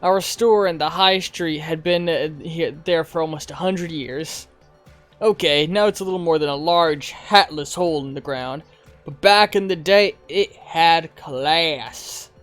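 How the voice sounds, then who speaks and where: Man playing a grandiose, old-fashioned hat-shop owner; slow and proud. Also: a little high, a bit bright, faint music behind. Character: proud middle-aged haberdasher man, genteel.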